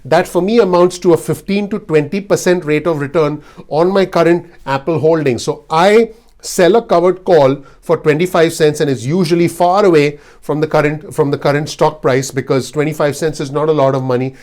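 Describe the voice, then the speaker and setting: A man's voice: fairly high pitch, normal speed, darkish tone. A man giving blunt, earnest investing advice straight to his video audience. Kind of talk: direct-to-camera advice talk.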